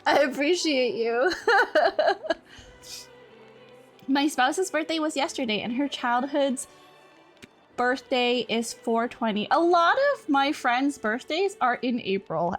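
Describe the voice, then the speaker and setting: A young woman streamer chatting casually with her viewers, giggly, easily distracted and quick to apologize. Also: fairly high pitch.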